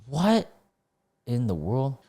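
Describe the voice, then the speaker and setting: A man's voice: mid-range voice, huge pitch swings, slow, mellow, slightly rough. A young man hosting a casual commentary, reading online messages aloud and reacting with incredulous, sarcastic remarks and lots of filler words. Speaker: host reading online posts.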